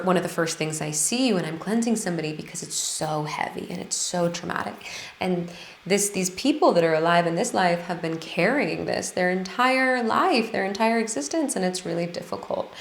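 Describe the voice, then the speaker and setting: A woman's voice: lowish voice, vocal fry, reverberant, a little hiss or hum. A woman who works as an energy healer, telling a healing story to camera in an earnest, casual way, with frequent restarts. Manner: earnest, trailing restarts and fillers.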